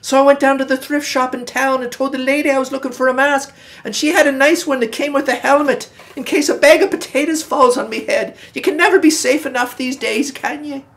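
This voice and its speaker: Man putting on a high-pitched Irish farmhand, chirpy, folksy rambling yarn-spinner, comic storytelling. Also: fairly even intonation, brisk, creaky, fairly bright tone, exaggerated voice. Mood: cheerful.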